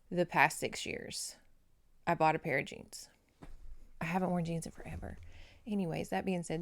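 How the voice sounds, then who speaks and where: A woman with a Louisiana Southern accent, hosting her book review channel in a rambling, excitable, chatty monologue, often laughing and talking straight to viewers. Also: lowish voice, no room sound, clean studio sound. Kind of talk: casual chatty monologue to camera.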